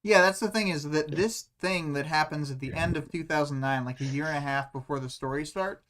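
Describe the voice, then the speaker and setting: Thoughtful co-host, halting speech. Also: mid-range voice, a bit bright. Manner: thoughtful, halting, restarts phrases. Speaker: podcast co-host. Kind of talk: casual book discussion livestream.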